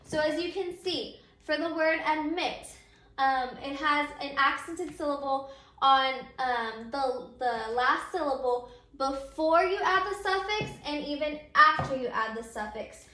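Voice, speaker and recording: A woman teacher explains spelling rules patiently, one step at a time, with plenty of ums. Her voice is high and bright. It sounds like a roomy, echoey space. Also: a little slow. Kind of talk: recorded grammar lesson.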